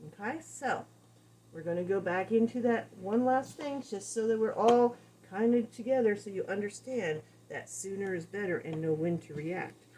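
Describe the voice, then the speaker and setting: Woman dog trainer explaining stuff casually, animated, says things twice, acts out examples. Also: medium pitch, normal speed, a little hiss or hum. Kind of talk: casual teaching talk.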